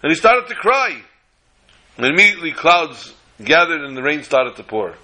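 Man telling a story like a sermon, real bright, kinda high voice, dramatic. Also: a little fast, low-quality recording. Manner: expressive, dramatic retelling.

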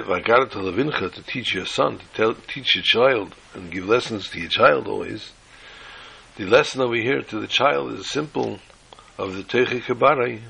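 A man's voice: fairly low pitch, gravelly, bright, forceful tone, breathy edge, poor audio. A man teaching a sermon-style class on the Haggadah, telling a joke and peppering his talk with Hebrew and Yiddish terms. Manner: storytelling, uses Hebrew and Yiddish terms, restarts often.

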